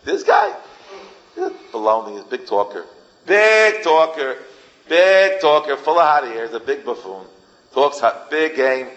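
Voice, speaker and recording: A man's voice: medium pitch, muffled recording. A man giving an informal Torah lecture as a rabbi, emphatic and repeating phrases for effect. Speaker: rabbi teaching a class.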